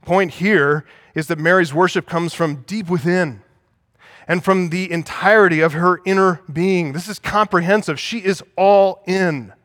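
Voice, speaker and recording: A man's voice: high voice, a little slow, a bit bright, no echo, studio quality. A man preaching a sermon as pastor, teaching and asking the congregation for agreement.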